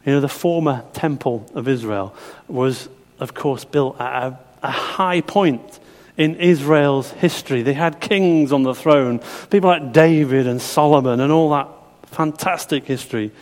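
A man's voice: mid-range voice, measured pace, darkish tone. A middle-aged man preaching a sermon, chatty, often asking his listeners questions. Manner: conversational, asks the congregation questions. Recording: long hall reverb.

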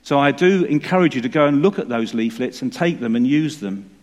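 A man preaching a sermon in a church, measured and emphatic. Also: medium pitch, animated. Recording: long reverb of a church hall.

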